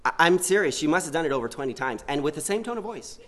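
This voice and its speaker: A man's voice: a little high, animated, fast talker, fairly bright tone. A man preaching a sermon in an earnest way, often asking his listeners rhetorical questions.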